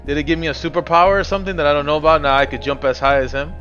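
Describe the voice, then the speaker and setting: A man's voice: a little high, steady tone, very fast, a bit bright, dull audio, faint music behind. A man live-streaming a game, commenting casually, frustrated and swearing as he mutters to himself.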